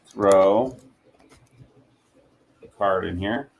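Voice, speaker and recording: A man's voice: low voice, drawn-out words, creaky, muffled recording. A man hosting a casual hands-on product demo, joking and muttering to himself as he works. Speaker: host. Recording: roomy echo.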